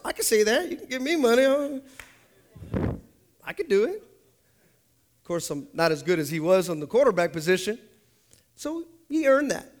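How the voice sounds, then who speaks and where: A man preaching a sermon, joking and swinging between loud highs and low asides. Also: very animated, normal speed. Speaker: pastor.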